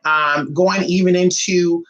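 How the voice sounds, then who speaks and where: Sassy high-voiced man telling stories. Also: fairly even intonation, slow pace, fairly bright tone, lo-fi sound. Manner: sassy, profane, flamboyant. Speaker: vlogger. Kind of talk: casual storytelling.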